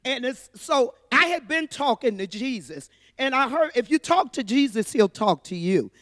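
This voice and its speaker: A woman with a high-pitched voice shares a personal testimony with her church. She tells it earnestly and from the heart. Her voice is close and dry, but a long reverb trails behind it. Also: animated, moderate pace. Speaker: church member sharing a testimony.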